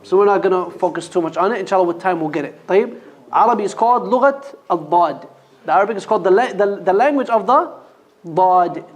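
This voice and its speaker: A man with a high-pitched, animated voice teaches Quran reading at a mosque. He runs a call-and-repeat pronunciation lesson, drilling letter sounds slowly and patiently while quizzing the class with short questions.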